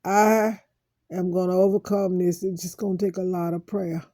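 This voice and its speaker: Woman vlogger, emotional monologue, aggrieved and repetitive, dark warm voice, dead-dry sound. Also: lowish voice, steady tone, no echo. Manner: aggrieved, repeats phrases over and over; slow, heavy pauses.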